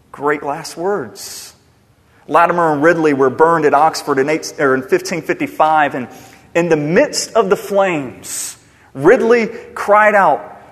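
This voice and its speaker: Male pastor, sermon, slightly high voice, long hall reverb, dramatic loud-to-soft swings. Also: a little slow. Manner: impassioned preaching, swings from loud emphasis to hushed.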